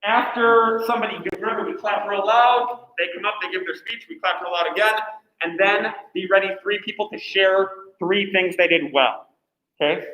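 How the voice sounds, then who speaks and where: A man's voice: high-pitched, normal speed, echoey room, highs cut off. A man teaching a class, giving chatty, encouraging instructions with lots of fillers.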